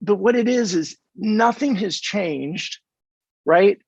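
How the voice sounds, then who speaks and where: At a slow pace and with no echo, this Californian man in his fifties recounts stories as a podcast guest in a laid-back interview. His husky, gravelly voice runs a touch high, he brings real energy to acting out dialogue, and the audio sounds dull and dry, like a remote line.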